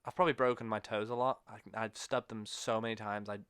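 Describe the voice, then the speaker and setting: A man hosts a casual podcast chat, his voice smooth and clean. He rambles through his stories and corrects himself as he goes. The sound is close and dry, with no room around it. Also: lowish voice, steady tone, quick pace, fairly bright tone, dry recording. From England. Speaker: podcast host.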